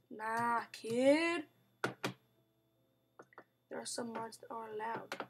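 Brief: young woman, high voice, unhurried, excitable gamer commentary, faint typing behind. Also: a little hiss or hum. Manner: chatty and excitable, with sudden outbursts and mock growls. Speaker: gamer narrating gameplay. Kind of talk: casual let's-play commentary.

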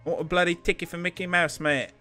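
A man's voice: high voice, flat delivery, quick pace, bright, forceful tone, faint music behind, voice pushed up. A man voicing a rowdy, foul-mouthed young male carpenter in a put-on Australian accent during gameplay role-play. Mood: rowdy, abusive. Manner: crude, profane, melodramatic whining.

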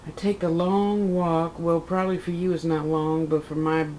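At a moderate pace, a chatty woman in her fifties with a lowish voice spins a long personal story for her vlog, wandering and correcting herself along the way. She performs her own quotes in lively bursts, and the poor audio has a faint hiss.

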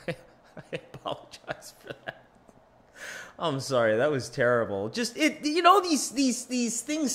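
A man's voice: on the high side, a bit bright. A man hosting his own podcast in a rambling, self-deprecating, chatty monologue. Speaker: podcast host.

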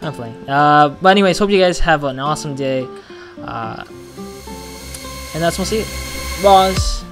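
Man, gameplay commentary, rambling and jokey, slightly high voice, game music behind. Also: normal speed. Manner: rambling, chatty, joking. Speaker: let's play host.

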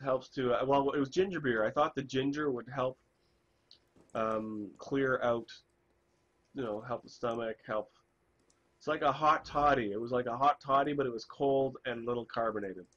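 A man streaming a game, chatting in a rambling, self-interrupting way while hoarse from a cold. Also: medium pitch, normal speed, a bit bright, dull audio. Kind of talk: casual chat while gaming.

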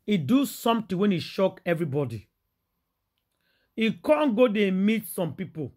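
Husky Nigerian woman dishing gossip. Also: medium pitch, big pitch swings, moderate pace, warm tone. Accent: Nigerian Pidgin English. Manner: theatrical, exclaiming, repetitive. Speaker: celebrity gossip vlogger. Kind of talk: dramatic gossip commentary.

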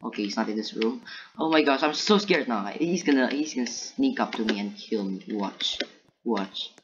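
A woman narrates her match as it happens, muttering to herself and calling out to her opponent. Her voice sits low yet leaps all over the place as she startles and panics. The mic sounds dull and lo-fi, with a faint hiss underneath. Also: animated, normal speed. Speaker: gameplay commentator. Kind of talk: live gameplay commentary.

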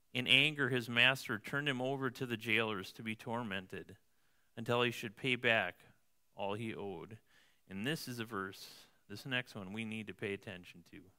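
A man's voice: mid-range voice, normal speed, bright, forceful tone. A man preaching a sermon as pastor, reading scripture and explaining it in a conversational way, often checking in with the congregation. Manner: conversational preaching, tags lines with "right?". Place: church.

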